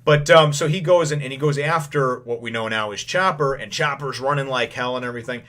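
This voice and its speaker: Male host, mid-pitched, casual first-impressions recap, rambling, loose paraphrased dialogue. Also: a bit bright. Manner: rambling, full of filler phrases; acts out lines in quick paraphrase. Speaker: manga chapter reviewer.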